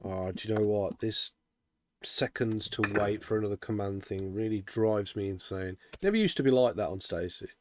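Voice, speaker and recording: A man with a low voice chats casually on a live stream and grumbles mildly. Faint noise sits behind him. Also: moderate pace. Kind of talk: casual livestream chat.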